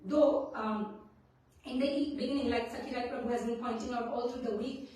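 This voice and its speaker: A woman's voice: fairly high pitch, brisk, warm tone. A woman from India, giving a devotional scripture class and telling stories that often check in with the listeners. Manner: storytelling, often checks in with "right?". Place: temple hall. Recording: very echoey hall, mic at a distance.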